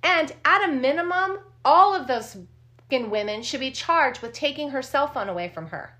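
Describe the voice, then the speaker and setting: A woman co-hosting a true crime chat, blunt and fired up. She swears without a pause. Her voice is bright and forceful and sits a little high. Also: animated. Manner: blunt, indignant, swears freely. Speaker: podcast co-host.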